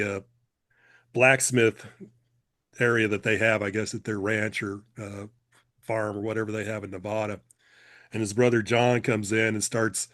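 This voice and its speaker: A man retelling a funny story in casual chat, laughing often and stopping to clear his throat. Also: on the low side, fairly bright tone.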